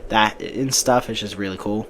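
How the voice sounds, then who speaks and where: A man's voice: on the low side, normal speed, a bit bright, slight background noise. A man hosting a casual movie podcast, giving breezy opinions and often restarting his sentences. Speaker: podcast host.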